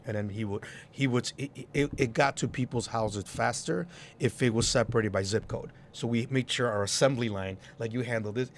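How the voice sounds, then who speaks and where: A man's voice: mid-range voice, normal speed, a little hiss or hum. A man, a club promoter and DJ, telling stories in a casual interview and acting out quoted voices. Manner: animated, acts out quoted voices.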